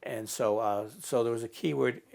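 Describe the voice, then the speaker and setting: A man in an interview, telling stories in a casual, halting way with many fillers. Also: mid-range voice, steady tone, vocal fry, a little mellow. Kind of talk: casual storytelling.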